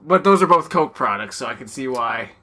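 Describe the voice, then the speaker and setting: A man's voice: medium pitch, expressive, brisk, pushed and bright. A young man co-hosting a podcast, sardonic and swearing casually, slipping into mocking voices. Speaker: podcast co-host. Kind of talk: casual chat.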